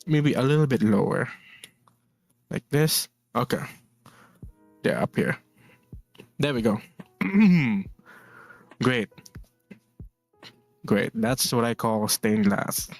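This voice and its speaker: Relaxed rambling male streamer, music behind. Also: medium pitch, takes it slowly, vocal fry, long pauses, no room sound. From Philippines. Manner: relaxed, rambling, laughs often, reads chat aloud. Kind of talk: casual chat while drawing.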